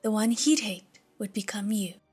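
A sharp-tongued young attendant speaks low and reproachfully, as a woman reads him in an audiobook. The voice is airy and husky, with faint music behind it. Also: moderate pace.

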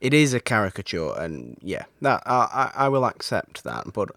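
Male co-host, lowish bright voice, bouncy intonation, dry teasing. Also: very animated, moderate pace, gravelly, dry recording. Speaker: podcast co-host. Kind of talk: casual film discussion.

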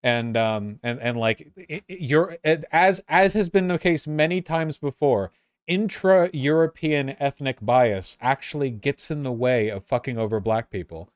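A man's voice: medium pitch, a little slow, smooth, no room sound, studio quality. A man reading a history text aloud and breaking off into casual, sarcastic asides, often stumbling and repeating words.

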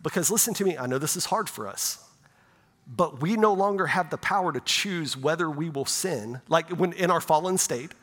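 A man's voice: on the high side, expressive, normal speed, a bit bright. A middle-aged male pastor preaching a sermon in a conversational way, often checking in with "right?". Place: church sanctuary. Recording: long church reverb.

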